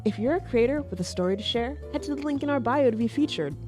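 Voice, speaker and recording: A woman's voice: on the high side, animated, fast. A woman host reading the show's scripted intro, with teasing, joking asides between the lines. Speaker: podcast host. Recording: faint music behind.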